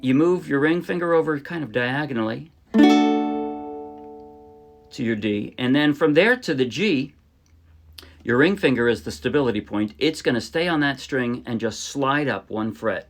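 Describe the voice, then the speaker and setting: A man's voice: mid-range voice, lively intonation, normal speed, pauses often, soft background music. A man teaching ukulele in a casual tutorial, explaining in a chatty, friendly way and often correcting himself mid-sentence. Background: his own ukulele playing.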